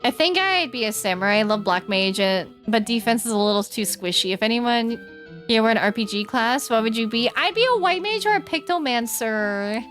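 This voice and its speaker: A woman's voice: on the high side, expressive, fairly quick, fairly bright tone. A young woman streaming a game, chatting casually, giggling and singing along. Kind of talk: casual let's-play chat. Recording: game music in background. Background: game music.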